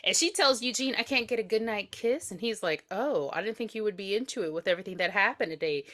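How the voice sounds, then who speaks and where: A woman's voice: mid-range voice, quick pace, a bit bright. A woman co-hosting a podcast, blunt and profane, cutting in to correct details. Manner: blunt, swears freely, jumps in to correct. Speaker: podcast co-host. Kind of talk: casual movie review chat.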